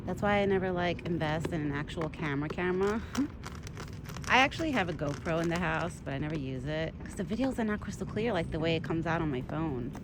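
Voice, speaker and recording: A woman's voice: deep voice, animated, a little fast. A young woman chatting casually in a vlog, talking sweetly to a deer while filming on a trail with her phone. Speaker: vlogger feeding a wild deer. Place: outdoors on a trail. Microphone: phone camera. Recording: outdoor phone recording with noise.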